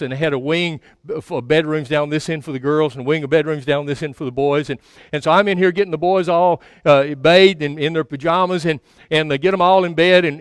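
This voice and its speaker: A man in his sixties preaches in a folksy, self-mocking manner, often stammering and restarting his sentences. His voice sits high and sounds smooth and resonant. The sound is dry and close. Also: no echo. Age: 60s. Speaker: pastor. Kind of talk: storytelling sermon.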